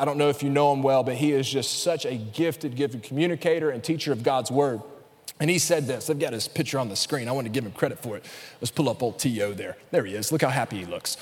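A male pastor preaching a sermon to his congregation, building up to loud, emphatic calls and addressing the crowd directly. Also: medium pitch. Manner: preaching with rising intensity, calling out to the congregation. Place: large church hall. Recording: reverberant church hall.

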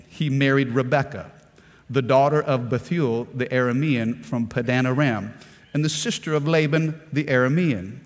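A man's voice: medium pitch, in a large hall. A male pastor preaching a sermon with passion, calling on the congregation to respond and often stammering as he restarts phrases. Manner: impassioned preaching with call-and-response prompts.

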